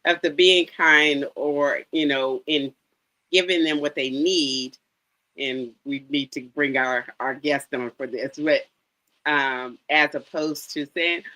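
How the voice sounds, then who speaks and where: Low-pitched woman co-host, bright tone, lots of mm-hmms and yeahs. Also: steady tone, takes it slowly, low-quality recording. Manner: agreeable, frequent backchannel. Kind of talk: live online talk show chat.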